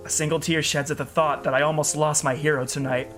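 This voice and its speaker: A man's voice: fairly high pitch, level tone, fast talker, hardly any pauses, a bit bright, soft background music. A man giving an earnest, emotional first-person story narration as a storyteller.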